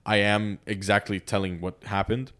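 Young guy from lebanon, lowish voice, rambly casual podcast chat, tons of "like". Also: little pitch movement, moderate pace, a bit bright. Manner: rambling, lots of fillers, breaks into put-on accents.

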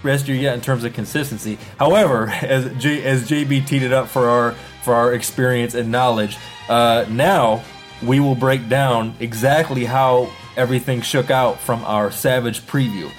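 A man's voice: mid-range voice, steady tone, normal speed, soft background music. A man co-hosting a casual sports podcast, hyping results and singing out "ding" for each correct pick. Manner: hypes announcements, sings out "ding" on picks. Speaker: podcast co-host.

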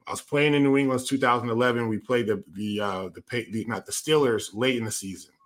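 A man's voice: medium pitch, brisk. A man who once played pro football, co-hosting a casual sports talk show, speaking emphatically and repeating his points. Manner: emphatic, repeats himself, tells stories.

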